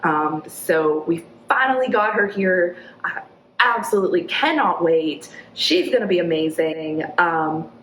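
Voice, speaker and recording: A woman, chatting casually in an interview and acting out quotes in a high, laughing voice. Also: animated, measured pace, fairly bright tone. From Arkansas, USA. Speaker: executive director of a downtown nonprofit, interview guest. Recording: echoey room with faint ambient noise.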